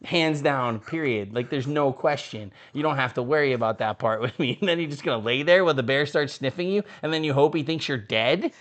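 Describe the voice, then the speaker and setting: Brisk and barely pausing, a man with a mid-range voice tells lively stories as a podcast co-host in the studio. The chat is casual, full of acted-out quotes and frequent laughter.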